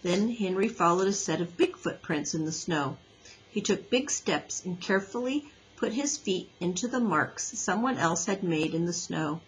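A woman gently narrating a children's storybook in a breathy voice. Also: fairly low pitch, expressive, normal speed, a little hiss or hum, poor audio. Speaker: audiobook reader.

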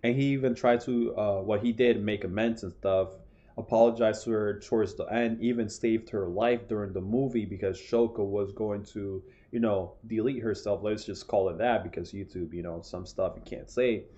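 Rambling man with a mellow voice. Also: lowish voice, fairly even intonation, moderate pace, lo-fi sound. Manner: rambling, self-correcting, chatty. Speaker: film reviewer. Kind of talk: casual video review.

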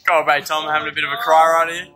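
Sharp-voiced bloke shouting countdowns. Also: male voice, fairly high pitch, little pitch movement, rapid-fire, soft background music. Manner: shouts countdowns, teasing banter. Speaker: workmate keeping time. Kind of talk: casual banter during a chilli challenge.

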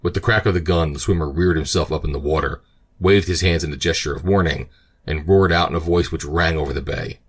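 A man narrating an adventure audiobook in a steady, measured way. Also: a bass voice, slightly rough. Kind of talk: scripted narration.

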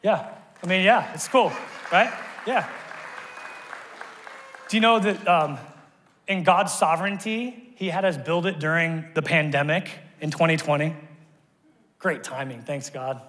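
Male pastor, slightly raised pitch, preaching in a church hall with long reverb; lively storyteller who shouts at peaks and goes hushed in prayer. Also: measured pace, pauses often, a faint crowd. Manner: animated storytelling, voice rising to shouts at peaks, dropping soft in prayer. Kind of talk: sermon. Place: church auditorium.

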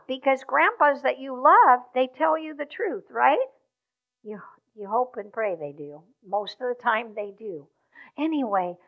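Woman storyteller for children; gentle, unhurried, high voice, lo-fi recording. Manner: gentle, asks the children questions. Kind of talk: children's story in a church service.

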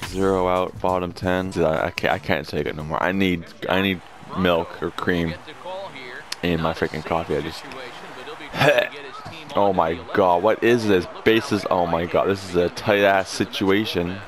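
A man's voice: sits low, steady tone, unhurried, a crowd in the background. A young man giving casual commentary while playing a video game, swearing often and flaring up at bad plays. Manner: swearing, erupting into angry rants at the game. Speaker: gaming commentator. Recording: game music playing behind.

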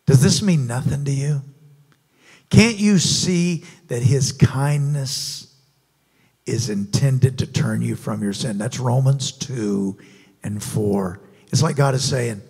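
A male pastor preaching with a gravelly, husky voice. He drives his point home with pointed rhetorical questions. The sound carries a long reverb from the church hall. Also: medium pitch, measured pace, a little mellow. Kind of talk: sermon. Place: church sanctuary.

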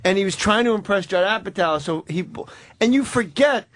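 A comedian on a radio talk show, telling a story with quoted movie lines and lots of swearing. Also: male voice, high voice, expressive, brisk. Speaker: comedian guest.

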